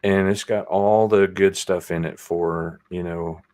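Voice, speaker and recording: A man with a very deep voice co-hosts a podcast in a relaxed, casual way. He mostly nods along with short yeahs and asks a quick question now and then. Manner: drawn-out backchannel agreement, relaxed. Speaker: podcast co-host.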